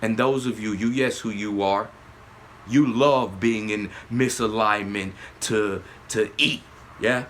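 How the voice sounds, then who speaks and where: A man hosting his own channel, giving a spiritual monologue, often asking "yes?", swinging between loud emphatic bursts and low murmurs. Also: steady tone, slight background noise. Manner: slow, repeating "yes?" often. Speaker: channel host.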